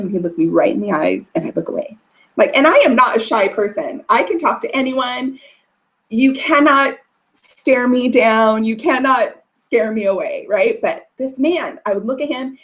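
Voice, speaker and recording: A woman giving a motivational business talk, telling a story in a chatty, animated way with lots of fillers. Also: fairly high pitch.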